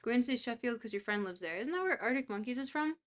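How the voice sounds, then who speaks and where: Excitable young woman streamer, bright voice. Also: fairly high pitch, quick pace. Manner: excitable, swears freely, reacts loudly, reads chat aloud. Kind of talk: casual live-stream chat while playing a geography game.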